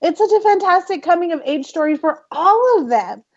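A woman on a podcast panel over a call, lively and emphatic as she argues her picks. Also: extremely high pitch, normal speed. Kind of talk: casual podcast chat. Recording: dull lo-fi call audio.

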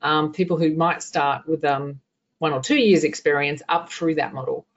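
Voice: mid-range voice, normal speed, lo-fi sound. Chatty interviewer. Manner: chatty, thinks aloud with "um". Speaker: interviewer, accountant and coach. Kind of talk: conversational interview.

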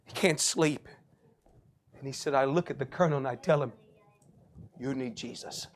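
A man with a high voice preaches a sermon. He retells another man's testimony and then climbs into loud, shouted praise. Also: a little fast.

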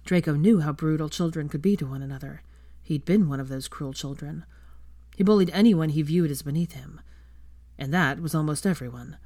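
A woman reading fan fiction aloud as steady audiobook narration. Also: sits low, a little fast, no room sound, clean studio sound.

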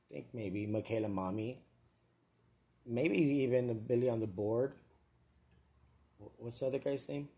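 A man hosting a live comedic podcast, rambling, joking and swearing at himself. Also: mid-range voice. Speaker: podcast host. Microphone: earpiece and mic, live stream.

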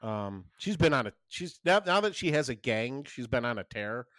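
A man in his thirties co-hosting a casual chat podcast, telling stories in a rambling, animated way with many restarts. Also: mid-range voice, moderate pace, dry recording, clean studio sound. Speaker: podcast co-host.

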